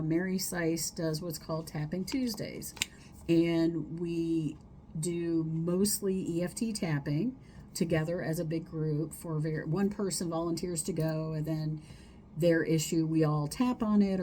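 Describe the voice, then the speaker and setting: A woman's voice: on the low side, warm tone, slight background noise. A middle-aged woman therapist talking casually and rambling a little, demonstrating breaths and sighs as she gives tips. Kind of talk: casual solo talk giving wellness tips.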